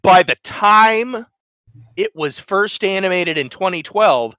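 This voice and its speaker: Bright-toned man chatting on a podcast. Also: high-pitched, expressive, slow, no echo, highs cut off. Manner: chatty, eager, trails off and restarts. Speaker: podcast co-host. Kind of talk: casual podcast chat.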